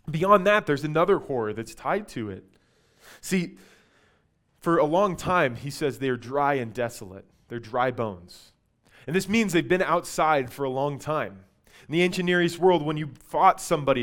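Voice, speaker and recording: A male preacher delivering a sermon in a mid-pitched voice. He reads scripture with dramatic swings in loudness, rising for the big lines and falling to a near hush for the quiet ones. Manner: dramatic scripture reading, swings between loud and hushed.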